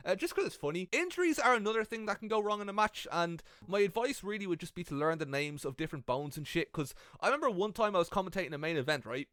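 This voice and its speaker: A young Irish man giving comedic, sweary advice about wrestling commentary in an animated vlog, speaking into a gaming headset. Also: high voice, dry recording, clean studio sound. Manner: animated, sweary, self-mocking.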